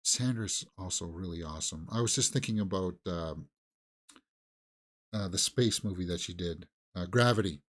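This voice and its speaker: A man co-hosting a movie talk show, chatting casually and thinking aloud with halting restarts. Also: deep voice. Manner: musing, halting, with fillers and restarts. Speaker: movie news co-host. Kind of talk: casual chat.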